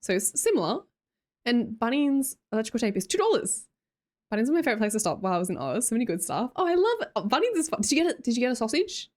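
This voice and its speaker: A young Australian woman chatting casually on a livestream, bubbly and quick to laugh, answering chat as she goes. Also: on the high side, big pitch swings, darkish tone. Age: young adult. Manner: bubbly, laughs often, reads chat aloud.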